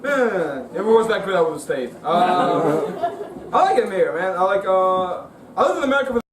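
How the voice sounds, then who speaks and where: A man in his twenties from Russia with a Russian accent, doing a dry, deadpan stand-up set and teasing the crowd. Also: high voice, normal speed. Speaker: stand-up comedian. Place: comedy club stage with a laughing audience. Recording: roomy, distant live club recording with crowd noise.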